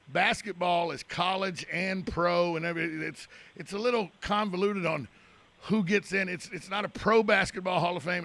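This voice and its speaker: A man's voice: high-pitched, gravelly, a bit bright. A man hosting a radio talk show from the studio, chatting casually in a rambling, joking, self-deprecating way. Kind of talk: casual on-air chat.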